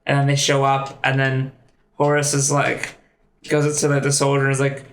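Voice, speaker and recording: A man's voice: medium pitch, completely flat delivery, normal speed, slight background noise. A man co-hosting a casual podcast, talking in a laid-back, slangy way with frequent swearing. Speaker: podcast co-host. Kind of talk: casual chat. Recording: roomy echo.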